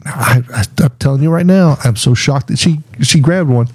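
A man co-hosting a podcast, telling stories in a casual, animated way and acting out what people said. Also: medium pitch, moderate pace, husky. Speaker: podcast co-host. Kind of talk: casual storytelling chat.

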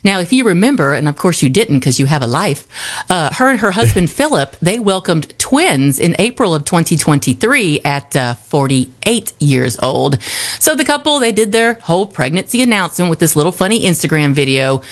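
A woman's voice: lowish voice, big pitch swings, moderate pace. A woman co-hosting a radio morning show, telling celebrity gossip in a chatty, wry way and laughing easily. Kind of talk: casual showbiz gossip chat. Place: radio studio.

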